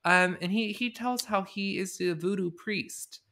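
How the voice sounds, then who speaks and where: A man hosting a podcast, telling the story in an animated, sarcastic way in casual comedic chat. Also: high-pitched, measured pace. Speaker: podcast host.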